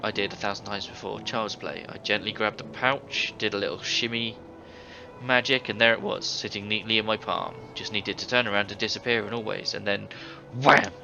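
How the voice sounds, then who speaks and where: A man's voice: lowish voice, steady tone, normal speed, vocal fry, music in the background. A man voicing a middle-aged former thief in a video game, telling tales with hearty, boastful relish. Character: older male ex-thief, boisterous tavern storyteller. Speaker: game character. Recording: dull game audio with faint hiss.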